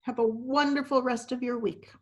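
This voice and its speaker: A woman with a slightly high voice speaks at a normal pace as she leads a theatrical storytime for children. An actress and teaching artist, she's animated, speaks straight to her young audience, and now and then drops to a whisper.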